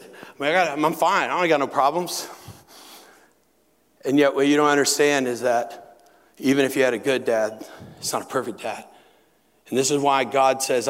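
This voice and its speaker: A middle-aged man preaching a sermon, telling personal stories in an animated way and dropping into hushed tones at emotional moments. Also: mid-range voice. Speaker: pastor. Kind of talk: sermon with acted anecdotes. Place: large hall at a retreat center. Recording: long hall reverb.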